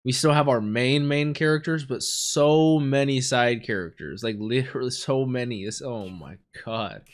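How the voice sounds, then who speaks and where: A man reacting live to an anime episode, swinging between hushed dismay and loud excited outbursts. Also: mid-range voice, normal speed. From United States.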